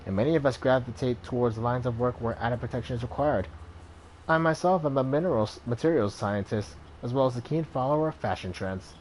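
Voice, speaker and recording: A man's voice: medium pitch, brisk, a little mellow, slight background noise, lightly acted, rough recording. A man voicing a polite, proud male master tailor who talks in a courteous, formal, salesman-like way.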